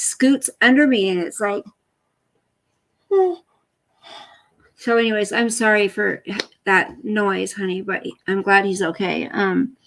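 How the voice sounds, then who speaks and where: An older woman chatting casually with her live stream viewers, rambling between stories and stopping to coo softly at her dog. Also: medium pitch, gravelly, low-quality recording. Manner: chatty, rambling, talks to her dog in soft baby talk.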